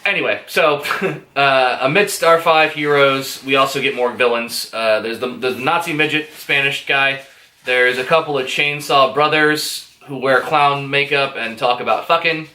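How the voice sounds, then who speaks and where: A man's voice: mid-range voice, measured pace, sharp tone, roomy sound. A man giving a rambling, profane, hesitant movie review full of fillers. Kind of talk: casual spoken movie review.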